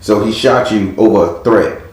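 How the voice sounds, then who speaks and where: A man's voice: on the low side, normal speed, a little mellow. A man giving a casual past-life tarot reading, blunt and profane, telling the story vividly with sound effects. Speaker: tarot reader. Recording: very echoey room.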